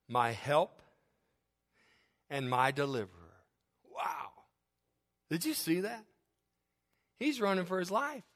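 A male pastor, his voice pitched a little above the typical male range, delivers a fervent sermon. He shifts from soft, confiding asides to loud, climbing declarations, chuckling now and then.

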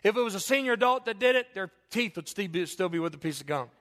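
High-voiced preaching man in a reverberant hall. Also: lively intonation, fast talker. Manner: swings from loud, high preaching to low, quiet appeals. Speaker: pastor. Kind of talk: sermon. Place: church sanctuary. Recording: long church hall reverb.

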